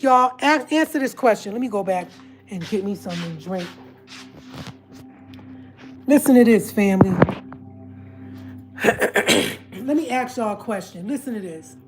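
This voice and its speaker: A woman's voice: mid-range voice, animated, unhurried, pauses often, soft background music. Heated woman livestreamer in an echoey room. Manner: heated, repetitive, addresses viewers as family. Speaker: livestream host. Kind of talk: emotional livestream rant.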